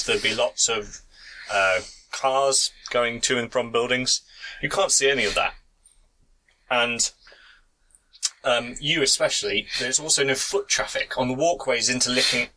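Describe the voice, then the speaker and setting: A man narrating a tabletop role-playing game as game master, relaxed and chatty with fillers. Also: medium pitch, moderate pace, a little hiss or hum, rough recording.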